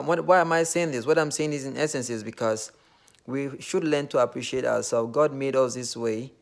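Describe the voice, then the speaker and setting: Gravelly-voiced Nigerian man. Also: mid-range voice. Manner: earnest, loosely phrased with many fillers. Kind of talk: casual reflective monologue.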